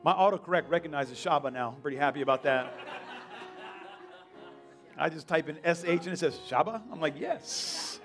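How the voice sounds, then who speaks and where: A man's voice: a little high, brisk, long pauses, fairly bright tone. A man preaching a fervent sermon as pastor, with playful asides to the congregation. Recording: live church with faint music and crowd.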